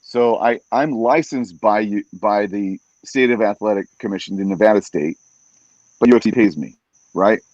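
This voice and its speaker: A man who works as a fight announcer, a podcast guest telling stories in a casual, animated way and acting out what other people said. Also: on the low side, moderate pace, no echo. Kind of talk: casual storytelling in a podcast interview. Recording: dull, dry podcast audio.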